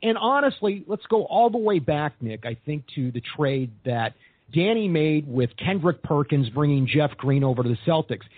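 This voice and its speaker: A man's voice: fairly high pitch, lively intonation, moderate pace, breathy edge, no room sound. Upbeat man on a phone-like line. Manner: upbeat, optimistic. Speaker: podcast host. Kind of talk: sports talk podcast.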